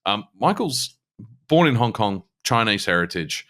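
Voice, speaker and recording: A man's voice: on the low side, big pitch swings, a little slow, a bit bright. A man, co-hosting a podcast, who tells a rambling story and laughs often. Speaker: podcast co-host. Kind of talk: casual chat.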